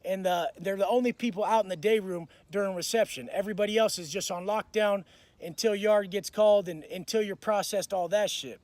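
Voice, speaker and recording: Tough-talking man, high voice, dry close sound, swears constantly, raw storyteller. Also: fairly quick, a little mellow, dry recording. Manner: blunt, profane, tough-talking. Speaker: motivational speaker. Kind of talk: profane storytelling monologue.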